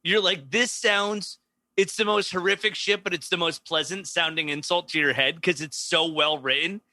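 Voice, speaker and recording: A man's voice: fairly high pitch, steady tone, moderate pace, bright, forceful tone, dry recording. A man co-hosting a casual comedy podcast, telling stories with lots of swearing and laughter, acting out quotes. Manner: profane, laughing, storytelling with acted-out quotes. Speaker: podcast co-host.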